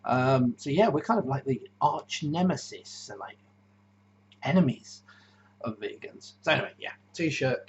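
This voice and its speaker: A man's voice: mid-range voice, lively intonation, measured pace, lo-fi sound, slight background noise. A man, rambling and joking through a casual video diary about his diet, full of ums and uhs. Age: 50s. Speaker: keto diet vlogger.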